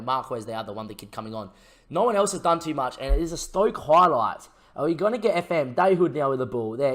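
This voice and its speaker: A young man commentating his own football management game in a casual, chatty way, getting loud and excited at big chances. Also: mid-range voice. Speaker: gaming YouTuber.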